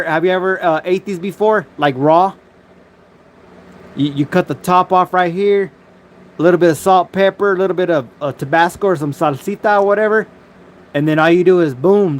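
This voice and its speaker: Laid-back slangy man on a live stream. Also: a little high. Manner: loose, rambling, casual slang and cursing. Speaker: livestream host. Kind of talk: casual live-stream chat.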